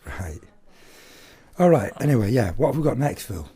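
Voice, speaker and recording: A man's voice: medium pitch, sing-song, normal speed, dark tone, breathy edge. A man co-hosting a radio show, giving short, dry, unimpressed replies from a little off the mic. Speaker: radio co-host. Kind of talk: casual radio chat.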